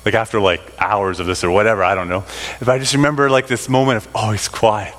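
Animated man telling stories in an echoing hall. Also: on the low side, fast talker. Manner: animated, rambling storyteller with many fillers and restarts. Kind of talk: personal storytelling to an audience. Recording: long reverb of a large hall.

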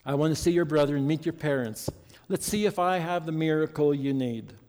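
A preacher voicing a kind, well-dressed doctor who speaks gently to a child. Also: male voice, on the high side, fairly quick, voice pushed up, close to an everyday voice. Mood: reassuring. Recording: long hall reverb.

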